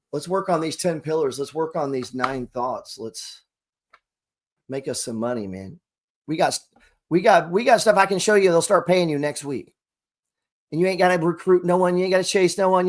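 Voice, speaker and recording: Profane high-voiced man giving a pep talk. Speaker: trading coach and channel host. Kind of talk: motivational monologue to camera.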